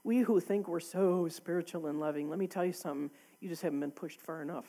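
A woman's voice: fairly low pitch, fast talker, warm tone. A woman preaching a sermon to a congregation in a church, talking candidly and conversationally, often with a laugh.

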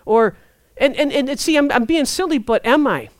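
A woman preaching a sermon in a conversational, lively way, acting out prayers and inner thoughts. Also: high voice, normal speed, no echo, studio quality.

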